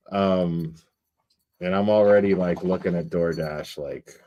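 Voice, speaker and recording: A man hosting a casual livestream from his home studio, relaxed and chatty, filling his talk with "like" and laughing easily. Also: low voice, slow. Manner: laid-back, says "like" often, talks baby-talk to his dog. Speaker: livestream host.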